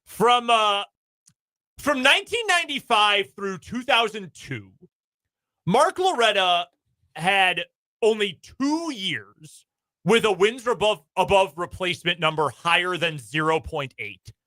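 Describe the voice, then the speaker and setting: A man's voice: sits high, expressive, takes it slowly, pushed and bright, no room sound. A man co-hosting a sports talk radio show, rattling off statistics with amusement. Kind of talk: casual sports radio chat.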